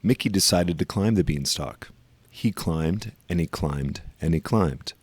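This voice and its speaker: A man reading a children's storybook aloud, leaning slowly and emphatically on repeated phrases. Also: deep voice, a little mellow, slightly rough, no echo.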